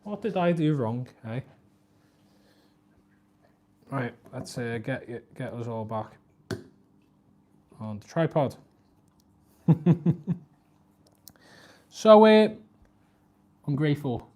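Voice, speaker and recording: Man, casual live stream chat, chatty, middle pitch. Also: animated, slow pace, long pauses, a little mellow. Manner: chatty, talks to his cat and viewers, voice jumps high when scolding.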